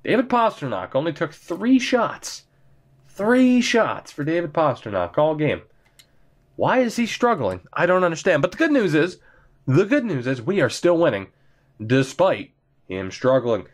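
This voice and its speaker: Man, gaming commentator, chatty, excitable, recovering from being sick. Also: a little high, a little slow. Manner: chatty and excitable, laughs often. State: getting over being sick. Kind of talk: video game let's-play commentary.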